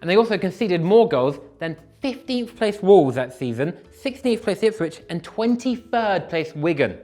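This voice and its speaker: A young man hosting a casual, comedic show that reads viewer comments, self-deprecating and given to animated bursts. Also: sits high, moderate pace, faint music behind. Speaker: host reading viewer comments.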